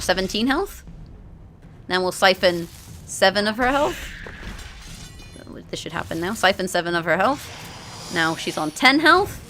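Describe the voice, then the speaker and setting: A woman hosts a card game video, talking strategy with her viewers as she plays and often correcting herself mid-sentence. Her voice is on the low side with a sharp tone.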